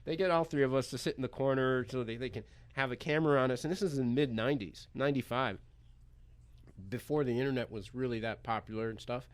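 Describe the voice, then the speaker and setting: An American man, a poker pro guest on a radio show, telling a story in an animated, chatty way and laughing as he goes. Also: mid-range voice, fast, smooth. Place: radio studio.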